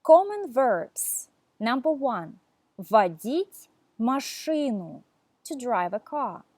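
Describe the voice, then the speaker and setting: A woman reading a scripted beginner language lesson, enunciating each word slowly and deliberately for learners. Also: a little high, very animated, darkish tone, no room sound. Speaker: language teacher.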